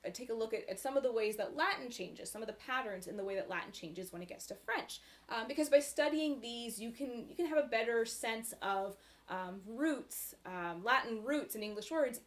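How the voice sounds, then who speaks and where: A woman giving a recorded university lecture in a conversational way, with frequent fillers and "right?" tag questions. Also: fairly high pitch.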